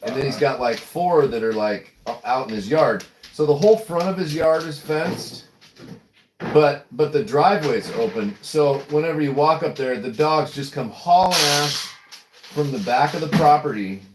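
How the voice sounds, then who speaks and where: A man's voice: a little high, moderate pace, echoey room, background noise. A man hosting a livestream, telling rambling stories in casual chat, swearing and acting out voices. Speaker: livestream host.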